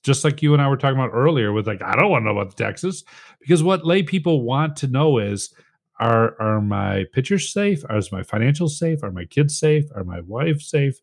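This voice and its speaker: Middle-aged man, podcast guest, chatty, laughing storyteller, average pitch. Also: expressive, fairly quick. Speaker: guest, hacker and conference organizer. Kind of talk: casual podcast chat.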